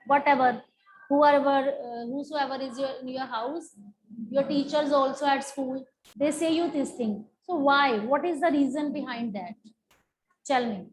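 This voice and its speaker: Woman, Indian English accent, high-pitched, teacher, class lesson, patient prompting. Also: slight background noise, rough recording. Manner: repeats questions, coaxing students to answer.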